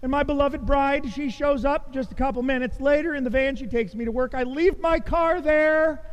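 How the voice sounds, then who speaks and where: A middle-aged man preaching a storytelling sermon in a church, animated and self-mocking, adding sound effects as he tells the tale. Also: very high voice, moderate pace, in a large hall, muffled recording. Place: church sanctuary.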